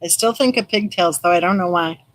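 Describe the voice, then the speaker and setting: A woman's voice: lowish voice, brisk, dry recording, rough recording. A middle-aged woman hosting a live stream, reading viewer comments aloud and replying to them by name. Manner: chatty, reads viewer comments aloud and replies warmly by name. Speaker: true crime channel host reading live chat. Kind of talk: casual live-stream chat.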